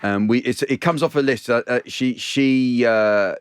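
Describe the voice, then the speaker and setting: A man's voice: medium pitch, unhurried, smooth. A man, co-hosting a podcast in a studio, chatting easily with plenty of fillers and agreement. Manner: easygoing, lots of fillers and agreement. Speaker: podcast co-host. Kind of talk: casual chat.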